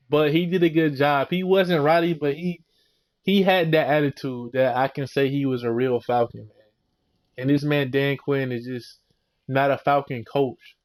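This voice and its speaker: A young man ranting heatedly as a fan vlogger, slangy and repetitive. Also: a little high. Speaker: sports vlogger. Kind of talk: casual fan rant.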